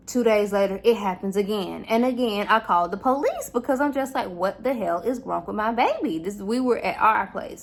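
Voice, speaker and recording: Candid young woman telling a story. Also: medium pitch. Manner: animated, candid, many fillers. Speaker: vlogger. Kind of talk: casual personal storytelling.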